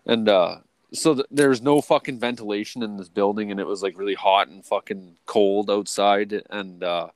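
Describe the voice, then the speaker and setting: A man's voice: lowish voice, steady tone, moderate pace, no room sound. A young adult man telling a rambling story with heavy swearing and lots of fillers, co-hosting a casual podcast chat. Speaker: podcast co-host.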